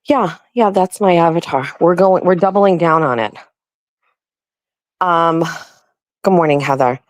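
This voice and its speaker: Low-voiced woman in a rambling livestream chat. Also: a little slow, no room sound, poor audio. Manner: rambling, apologetic, lots of fillers. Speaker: host.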